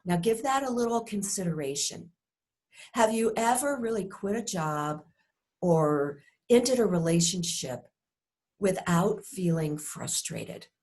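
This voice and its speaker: Slow, deliberate woman teaching a course. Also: fairly low pitch, expressive, a little mellow. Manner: slow, deliberate and reflective, with rhetorical questions. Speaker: course instructor. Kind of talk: recorded course lesson.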